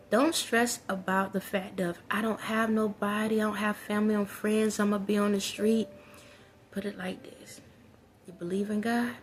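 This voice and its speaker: A woman talks straight to her viewers in a casual, preachy way, hammering her points home by repeating them. Her voice sits at an ordinary middle pitch. A faint noise runs under the recording. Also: darkish tone. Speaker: vlogger giving life advice. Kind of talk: casual spoken pep talk.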